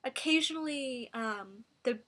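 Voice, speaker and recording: A woman giving a mock singing tutorial in a deadpan, rambling, self-serious way. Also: high voice, a little slow.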